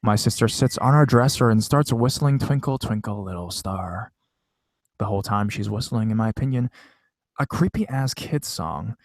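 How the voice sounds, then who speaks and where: A man's voice: medium pitch, normal speed, dry recording. A man casually reading viewer-submitted scary stories aloud, with a loose, profane, conversational delivery. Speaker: horror story narrator.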